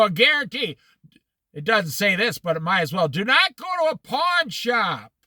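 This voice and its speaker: A man teaching a casual Bible study, animated and folksy, laughing at his own stories. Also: very high voice, no room sound.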